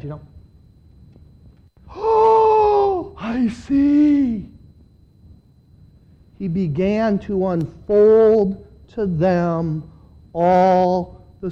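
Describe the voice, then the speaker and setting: Guy preaching a sermon, fired up then quiet, kinda muffled lo-fi recording. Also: high-pitched. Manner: impassioned, swings between loud pleading and quiet asides. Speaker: pastor.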